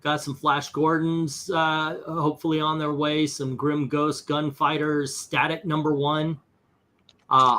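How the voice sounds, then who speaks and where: A man's voice: a little high, sharp tone. A man hosting a comic book channel, chatting casually as he reads off a long list of comic titles and issue numbers. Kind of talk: casual chat while unboxing auction comics.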